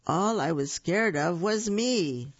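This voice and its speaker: Storyteller doing a scared little monster boy, high jumpy voice, husky, dull lo-fi recording. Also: expressive, takes it slowly, dry recording. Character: timid little monster boy, easily frightened.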